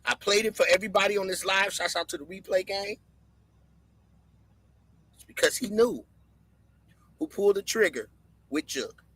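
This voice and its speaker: Bright high-voiced man hosting a live stream. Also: moderate pace, pauses often, husky, low-quality recording. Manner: emphatic, repeats key lines for effect. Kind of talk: casual live-stream commentary.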